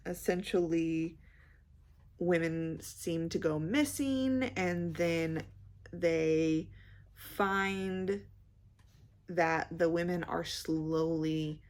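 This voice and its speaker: A young woman chatting casually about books she read, rambling with many fillers and pausing to search for words. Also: on the low side. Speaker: book vlogger. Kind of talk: casual book review chat.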